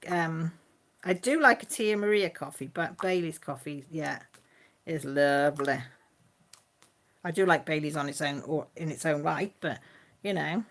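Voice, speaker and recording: A woman hosting a casual live stream, chatting warmly with viewers by name and laughing often. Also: lowish voice. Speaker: channel host reading live chat.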